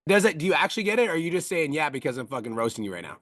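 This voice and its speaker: A man coaching on a call, blunt and profane, talking fast and pressing hard. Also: a little high, sing-song, a bit bright, dry recording, clean studio sound. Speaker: business coach.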